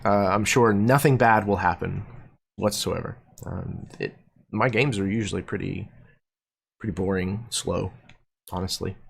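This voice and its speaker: A man's voice: low-pitched, measured pace, vocal fry, slightly rough. A man hosting a tabletop game stream as game master, introducing players in a laid-back, joking way.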